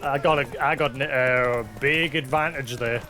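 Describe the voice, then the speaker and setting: A man's voice: medium pitch, steady tone, a little slow. A man streaming a video game, chatting casually and explaining as he plays, with many fillers. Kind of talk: casual gameplay commentary.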